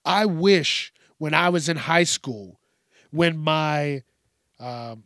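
A man's voice: fairly high pitch, drawn-out words, fairly bright tone, dry recording, clean studio sound. A man hosting a casual solo podcast, talking loosely, swearing and drifting between topics with frequent restarts. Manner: frequent restarts and repeated words. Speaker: podcast host.

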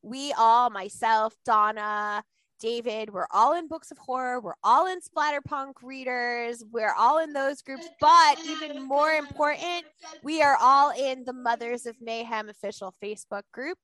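Lady podcast host, high and bright, chatty and rambling over a video call, dry sound. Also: unhurried, no room sound, rough recording. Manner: rambling, animated, lots of fillers. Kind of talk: casual chat.

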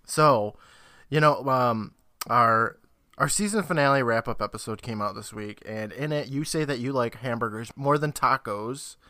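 A man's voice: mid-range voice, moderate pace, pushed and bright, no echo, studio quality. A man in his thirties hosting a casual podcast, laughing often as he chats over a call. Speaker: podcast host. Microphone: home mic on a Skype call.

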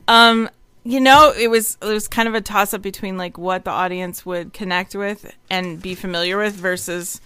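A woman hosting a relaxed wrap-up chat after a group reading, chatty and giggly, with many fillers. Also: on the low side, clean tone. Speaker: host and organizer of the reading. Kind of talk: casual stream wrap-up chat.

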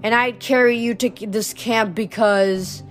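A woman's voice: fairly high pitch, fairly even intonation, measured pace, faint music behind, lightly acted. A woman voicing a sly, cackling old woman who is a disguised goddess, in a storybook reading. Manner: wheedling and cackling.

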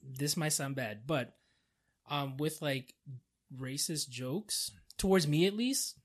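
Relaxed man in casual podcast chat. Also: fairly high pitch. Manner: relaxed, halting, many restarts and agreeing interjections. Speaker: podcast co-host.

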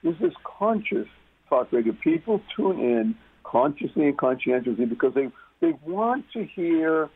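Man, radio guest, gravelly, husky, emphatic, tinny phone-line sound. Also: on the high side, sing-song, normal speed. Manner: emphatic, repeats words for stress. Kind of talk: talk radio conversation.

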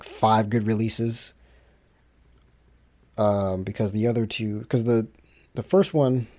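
A man's voice: lowish voice, dark tone. A man who makes his own music talks to listeners in a casual solo monologue. He rambles, restarts his sentences and fills gaps with fillers. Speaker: independent musician hosting his own podcast.

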